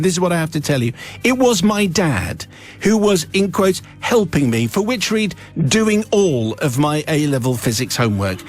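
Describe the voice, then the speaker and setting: A man hosting a radio show, reading a listener's confession in a wry, theatrical way with dry little asides. His voice sits a touch high, close on a studio microphone. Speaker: radio host.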